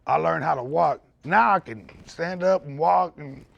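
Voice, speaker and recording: A man speaking as a podcast guest, telling his story in loud, animated, candid conversation and swearing freely. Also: fairly high pitch, a little slow, creaky, highs cut off.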